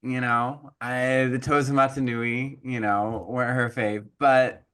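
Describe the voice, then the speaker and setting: A man's voice: mid-range voice, little pitch movement, measured pace, a bit bright, clear, resonant tone. A man co-hosting a podcast, talking casually in an earnest, rambling way. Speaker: podcast co-host. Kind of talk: casual chat.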